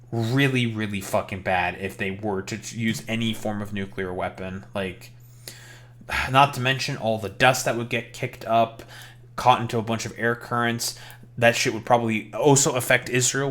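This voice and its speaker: A man's voice: mid-range voice, fairly bright tone. A young man reacting to a press conference, with a heated, rambling manner and a lot of profanity. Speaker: political commentary streamer.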